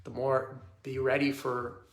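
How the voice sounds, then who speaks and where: A man's voice: mid-range voice, little pitch movement, a little slow. A man hosting a live talk, speaking casually to his audience, often checking in with "okay?" and restarting his sentences. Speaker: host. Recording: echoey room.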